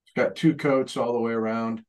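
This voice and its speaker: A man's voice: mid-range voice, fairly even intonation, moderate pace, darkish tone. A man chatting casually on a video call while painting, rambling and correcting himself. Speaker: artist painting during a group session.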